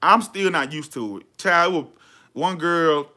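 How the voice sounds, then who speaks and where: Chatty, bright-voiced male podcast host. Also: on the high side, unhurried. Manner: animated, chatty, lots of slang and fillers. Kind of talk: casual chat.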